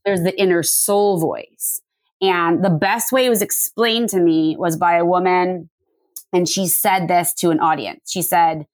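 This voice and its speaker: A woman in her forties talking earnestly as an interview guest, explaining her ideas in a quick, chatty way with filler words. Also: on the low side, no room sound. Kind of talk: candid conversational interview.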